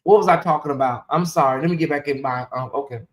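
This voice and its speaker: A woman hosting a casual live stream, talking in an animated, ranting way and laughing often. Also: low-pitched, quick pace. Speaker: livestream host.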